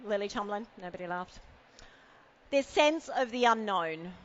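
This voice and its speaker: A woman's voice: mid-range voice, expressive, a little slow, muffled recording. A woman giving a conference keynote on stage, playful and self-mocking, teasing the audience. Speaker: keynote speaker. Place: event stage with a podium.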